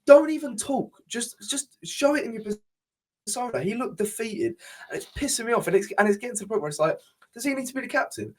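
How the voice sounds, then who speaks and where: Very high-pitched and quick, with lively intonation, a young man co-hosts an informal podcast chat. He sounds passionate and frustrated, lets the swear words fly, and often restarts his sentences.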